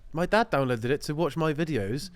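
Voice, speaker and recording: A man's voice: on the high side, expressive, a little fast, clear, resonant tone, no room sound. A young man chats on a podcast in an everyday mid-range voice, answering with short, dry teasing quips. The recording is close and dry, with no room sound. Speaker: podcast co-host. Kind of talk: casual podcast chat.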